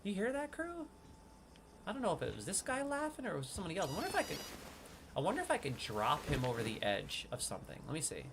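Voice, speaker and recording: A man giving casual gameplay commentary as a streamer, excitable, swinging from hushed sneaking talk to loud outbursts. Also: on the high side, quick pace, vocal fry, noisy background. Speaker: gaming streamer.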